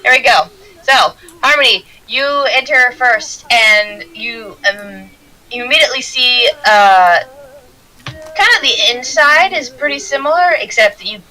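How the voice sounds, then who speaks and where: A woman's voice: on the high side, lively intonation, unhurried, bright, forceful tone, rough recording. A woman narrating as game master in a tabletop game, rambling with restarts. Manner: rambling, many restarts and fillers.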